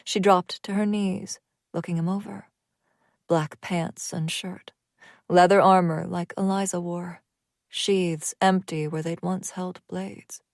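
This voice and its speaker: Slow, low-voiced woman narrating a fantasy audiobook. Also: steady tone, creaky, no room sound, studio quality. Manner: measured, dropping to near whispers.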